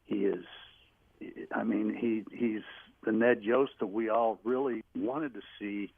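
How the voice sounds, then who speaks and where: A man's voice: fairly low pitch, fairly even intonation, measured pace, vocal fry, breathy edge, no room sound. A man in his home office calling in to a radio talk show, telling long rambling stories with many restarts. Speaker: guest telling stories, former team staffer. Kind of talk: phone-in radio interview, anecdotes. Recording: tinny phone line.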